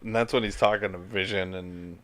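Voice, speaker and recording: A man with a fairly low voice co-hosting a podcast, chatting about a movie. He laughs often and throws in quick questions and jokes. The recording is close and dry. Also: fairly even intonation, a bit bright, dry recording. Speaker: podcast co-host. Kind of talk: casual movie review chat.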